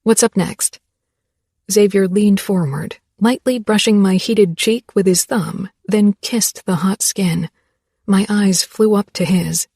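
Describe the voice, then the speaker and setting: Husky-voiced woman narrating a romance. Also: mid-range voice, a little slow, darkish tone, no room sound, studio quality. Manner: wry, snarky and playful. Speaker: audiobook narrator. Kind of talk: first-person romance narration.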